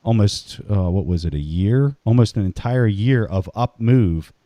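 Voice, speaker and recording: A man's voice: fairly low pitch, expressive, a little slow, mellow, no room sound. A man hosting an interview, thinking aloud as he builds long questions. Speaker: interview host.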